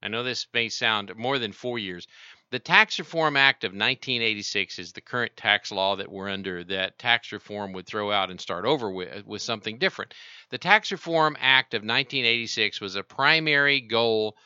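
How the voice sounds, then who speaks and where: Male talk-radio host, explanatory and rambling, crisp tone, dry sound. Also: on the low side, animated, moderate pace, sharp tone, no room sound, lo-fi sound. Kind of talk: call-in radio talk about markets.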